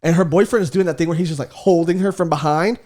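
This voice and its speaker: A man's voice: a little high, fast talker, darkish tone. A young man telling a comedic story on a podcast, rambling, swearing and laughing often, saying "dude" a lot. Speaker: podcast co-host. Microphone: studio podcast mic.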